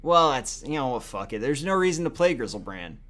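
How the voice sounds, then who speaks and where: A man's voice: mid-range voice, sing-song, a little fast, a bit bright. Profane, sarcastic young man commentating a game. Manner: profane, sarcastic, talking to himself. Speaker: gaming video host. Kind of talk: casual gameplay commentary.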